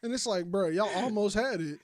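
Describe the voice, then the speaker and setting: A man's voice: high voice, a little fast, no echo. A man hosting a podcast, bantering in a joking, boastful way. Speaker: podcast host. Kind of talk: casual chat.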